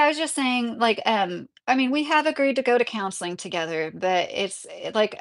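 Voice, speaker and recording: A middle-aged woman chatting casually on a livestream, answering viewers in a rambling way with lots of fillers and frequent laughs. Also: mid-range voice.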